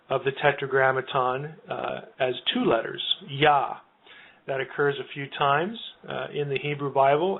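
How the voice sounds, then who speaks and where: A man who is a guest scholar patiently explaining an academic topic in a radio interview. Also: mid-range voice. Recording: tinny phone line.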